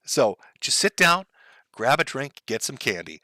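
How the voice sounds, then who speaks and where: A man's voice: lowish voice, very animated, brisk, sharp tone, dry recording. A man streaming live, giving profane, mocking commentary over clips.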